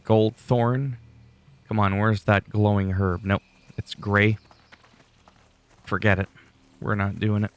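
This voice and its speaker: Male gamer, lowish voice, laid-back rambling commentary with dry sarcasm. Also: level tone, slow pace, pauses often, smooth. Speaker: gameplay commentator. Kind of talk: casual gameplay commentary.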